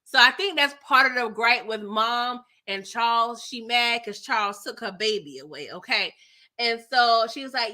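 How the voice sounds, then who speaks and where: Woman recap host: high voice, animated and slangy, chatty retelling. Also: moderate pace. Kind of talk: live TV episode recap.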